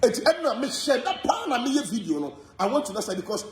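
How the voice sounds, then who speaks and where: In a heated gossip monologue, a Ghanaian man rants fast and hot, animated and repetitive. His high voice leaps up and down between phrases, the room lends a clear echo, and there's a faint hiss or hum.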